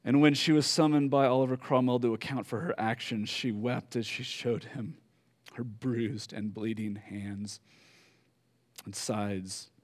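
A man preaching a sermon, telling a story slowly with fillers and pauses, dropping soft at solemn moments. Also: medium pitch, steady tone. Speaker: pastor.

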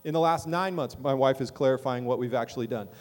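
A man's voice: medium pitch, quick pace. Conversational pastor preaching, a man. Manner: conversational, checks in with the audience often. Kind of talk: sermon. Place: church sanctuary.

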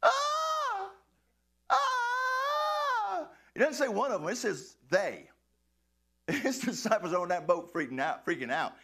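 Male pastor, animated preacher, bright and sharp voice, swoops high and low in pitch. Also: normal speed, breathy edge. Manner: animated, playful preaching that breaks into shouts and laughter. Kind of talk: sermon.

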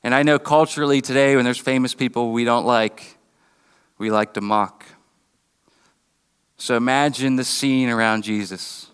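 A man preaching a sermon, earnest and halting, often restarting his words and briefly acting out mocking voices. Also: medium pitch, fairly even intonation, a bit bright, smooth, long reverb tail. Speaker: pastor. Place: church building.

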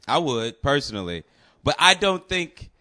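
A man's voice: on the high side, very animated, moderate pace, sharp tone. A man co-hosting a podcast, blunt and teasing in casual chat, swearing freely. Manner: blunt, profane, teasing banter. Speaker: podcast co-host.

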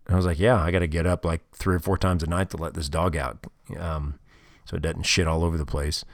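Podcast host, male, very low voice, worn out and rambling, dry close sound. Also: flat delivery, fairly quick, no room sound. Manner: rambling, frank, self-deprecating, with crude words. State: tired, yawning. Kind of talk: casual solo podcast storytelling.

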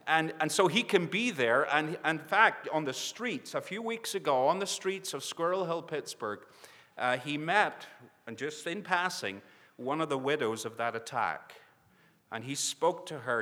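A mission society speaker makes an earnest sermon appeal from the pulpit, pleading repeatedly for the listeners' prayer and support. His voice is fairly high, pushed and bright, with a long reverb tail.

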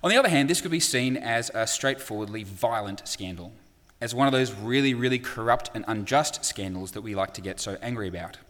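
A man's voice: medium pitch, animated, a little fast, fairly bright tone, long reverb tail. A man preaching a sermon in a conversational way, with frequent fillers and acted-out quotes.

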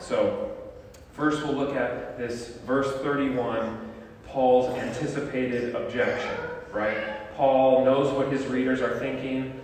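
A pastor preaching a sermon and teaching with a string of rhetorical questions. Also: male voice, medium pitch, a little hiss or hum. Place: church sanctuary. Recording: echoey hall from far off.

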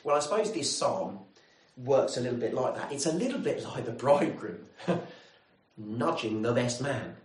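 A man's voice: mid-range voice, very animated, normal speed, echoey room, poor audio. A man preaching a sermon in a conversational way, often putting questions to the congregation.

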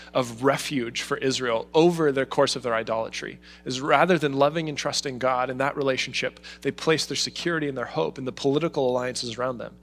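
A man preaching a sermon, talking with feeling and putting heartfelt pleading into the words he gives to God. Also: mid-range voice. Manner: expressive, voices God's pleading in emotional asides. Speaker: pastor.

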